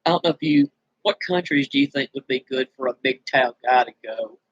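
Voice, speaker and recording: A man's voice: medium pitch, normal speed, husky, no echo, dull audio. A man vlogging and venting his frustrations, weary and bitter, rambling with many restarts, his throat dry from screaming earlier. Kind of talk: venting straight to camera.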